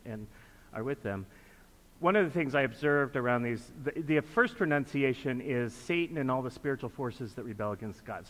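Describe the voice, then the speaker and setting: A man leading a congregation through liturgical renunciations, patiently repeating his prompts and inviting responses. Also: mid-range voice. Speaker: pastor leading a group reflection. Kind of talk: interactive liturgical teaching. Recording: long reverb with faint background noise.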